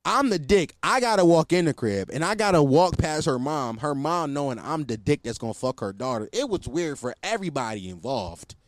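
A man's voice: on the high side, very animated, fairly quick, hardly any pauses, no echo, clean studio sound. A young man telling a story in casual, profane, self-mocking slang to his listeners.

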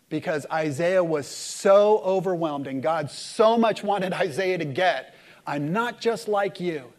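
A man preaching a sermon to a congregation, swinging from loud emphatic lines to hushed, slow ones and leading the room in call-and-response. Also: high-pitched. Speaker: pastor.

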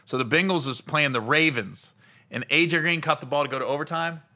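A man hosting a casual chat, telling lively stories and laughing often. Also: fairly high pitch, fairly quick. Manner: animated storyteller who laughs a lot. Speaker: podcast host.

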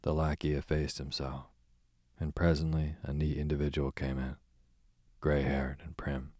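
A man narrating an audiobook in a measured, even reading. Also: very deep voice, no room sound, studio quality. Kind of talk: scripted narration.

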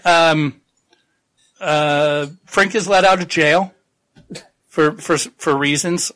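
A man's voice: fairly high pitch, a bit bright. A man hosting a casual book podcast, recapping a plot in a rambling, profane way with quoted asides. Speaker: podcast host.

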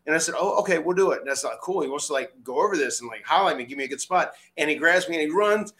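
A man who hosts a podcast, telling a story in a casual, animated way, acting out what other people said and often restarting his sentences. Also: on the high side, very fast, few pauses. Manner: animated, acts out quoted voices, frequent restarts. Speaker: podcast host, former wrestler.

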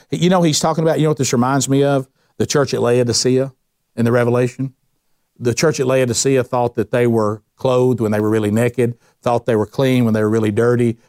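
Animated man teaching a Bible study. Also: mid-range voice, no room sound, clean studio sound. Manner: animated, with frequent restarts and sarcastic quoted asides.

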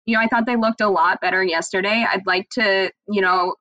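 Woman from near pittsburgh on a podcast call, bright voice, laid-back and giggly, dry close mic. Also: mid-range voice, fairly quick, no room sound, poor audio. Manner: relaxed, laughing easily, lots of fillers. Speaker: TV sports reporter guest. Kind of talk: casual interview answers. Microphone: remote computer call.

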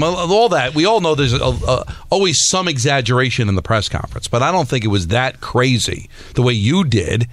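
A man's voice: mid-range voice, expressive, a little fast, hardly any pauses, no room sound. A man co-hosting a sports radio show, needling and arguing his side in a heated studio debate. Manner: needling, argumentative.

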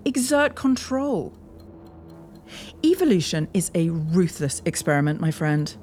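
A woman's voice: high voice, a little hiss or hum, heavily acted. A woman with a British accent, playing the lecturing inner voice of a man's primal brain in an audio drama. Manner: condescending, lecturing, sharp. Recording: voice over music bed.

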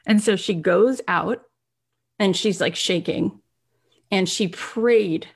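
A woman's voice: mid-range voice, slow pace, vocal fry, breathy edge. A middle-aged woman giving a motivational talk, telling a story earnestly and acting out the other people's lines. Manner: earnest, acts out quoted voices. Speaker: motivational speaker.

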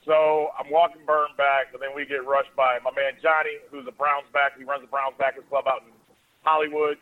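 A man's voice: medium pitch, little pitch movement. A man in his forties from Ohio, a radio host telling a rambling story in a casual way. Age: 40s. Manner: rapid, rambling anecdotes with quoted asides. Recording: tinny phone-like radio sound.

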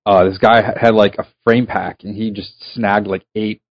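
Laid-back low-voiced man, lo-fi sound. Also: little pitch movement, moderate pace. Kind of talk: casual podcast chat. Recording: dull lo-fi recording.

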